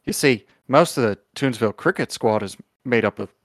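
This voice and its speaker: Man doing a grifter father, Australian accent, drawling, halting with fillers, mid-pitched, dry close sound, tabletop role-play. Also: animated, no echo, close to an everyday voice. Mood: scheming. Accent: attempted Australian. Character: scheming grifter father, gruff.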